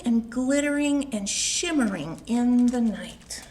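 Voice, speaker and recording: A children's librarian reads a picture book aloud at home, slowly and expressively, stopping to ask the young listeners questions. Her voice is a little high.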